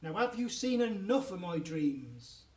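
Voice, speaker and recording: A man reading aloud, voicing a gentle old giant who speaks slowly in broken grammar. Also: sits high, very animated, roomy sound, far from the mic. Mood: musing. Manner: slow and mangled wording.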